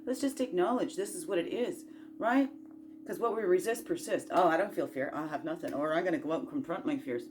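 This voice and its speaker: A woman hosting a casual self-growth chat, folksy and encouraging, rambling through asides and rhetorical questions, sometimes bursting out loud and sometimes dropping to a murmur. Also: lowish voice, a little fast, slight background noise. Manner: swings between loud bursts and quiet murmurs. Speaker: spiritual self-growth host.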